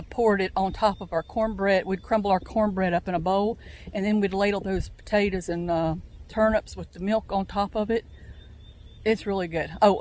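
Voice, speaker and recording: A woman's voice: medium pitch, a little mellow. A woman from Virginia giving a rambling, homespun tour of her vegetable garden outdoors, filming on a handheld phone. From Virginia, USA. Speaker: farm vlogger.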